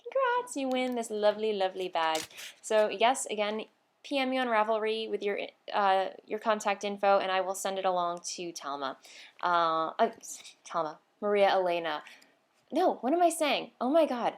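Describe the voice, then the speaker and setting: A tired woman hosts her knitting vlog in a loose, chatty way. She trails off, fills pauses with "um" and laughs at her own slips, always sounding a bit scatterbrained. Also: mid-range voice, animated. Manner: scatterbrained, rambling with fillers and laughs. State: tired, short on sleep. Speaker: knitting podcast host. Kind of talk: casual vlog chat.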